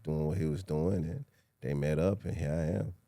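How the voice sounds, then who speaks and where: Very deep gravelly-voiced man telling stories. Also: moderate pace, warm tone, no room sound, studio quality. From Miami, Haitian family. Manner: laid-back, reflective, street slang. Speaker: podcast guest, former football player. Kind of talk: casual interview storytelling.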